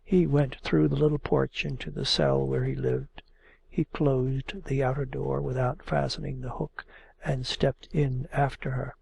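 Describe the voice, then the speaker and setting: A man narrating a classic novel as an audiobook, measured and expressive. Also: medium pitch, vocal fry, breathy edge.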